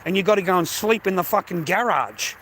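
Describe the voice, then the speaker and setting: An Australian man vents in a bitter, aggrieved rant, swearing constantly and circling back to the same complaints. His voice sits a touch higher than most men's. A faint hum of background noise stays under him. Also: animated, brisk, a bit bright. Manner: aggrieved, heavy swearing, repetitive. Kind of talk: angry personal rant.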